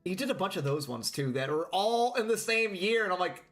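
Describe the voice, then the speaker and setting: Animated, bright-voiced young man ranting. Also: high-pitched, a little fast, faint music behind. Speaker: game player. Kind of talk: casual chat while playing.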